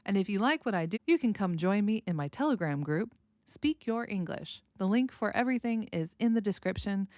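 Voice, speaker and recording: American woman, podcast English tutor; clear, deliberate, models examples slowly; dry room. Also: mid-range voice, expressive, a little mellow, no echo. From United States. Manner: slow, exaggerated modeling of example phrases. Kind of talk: podcast lesson, clear demonstrative delivery.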